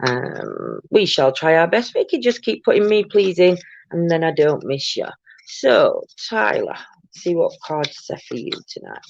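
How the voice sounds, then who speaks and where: A woman's voice: low-pitched, huge pitch swings, a little slow, creaky, no room sound, highs cut off. An older woman, tired, chatting casually on a live stream as a tarot reader, greeting viewers by name with many ums.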